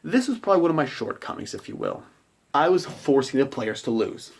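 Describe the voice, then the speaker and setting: A man rambles loosely through the story of a tabletop game session he ran as game master, acting out his players' reactions along the way. His voice sits at an ordinary middle pitch and is creaky and slightly rough, with lively intonation at a moderate pace.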